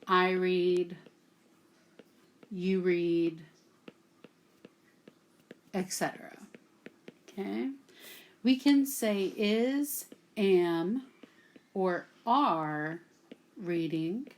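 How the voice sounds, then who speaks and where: A woman's voice: lowish voice, extremely slow, long pauses, a little hiss or hum. A woman from Texas, teaching a classroom grammar lesson at a whiteboard and patiently checking in with "okay?" after nearly every point. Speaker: Latin teacher.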